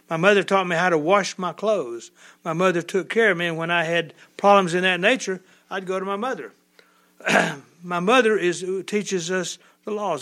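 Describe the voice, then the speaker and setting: A man's voice: a little high, a bit bright. A middle-aged man from Texas, a lawyer, giving a folksy, rambling devotional talk with many restarts.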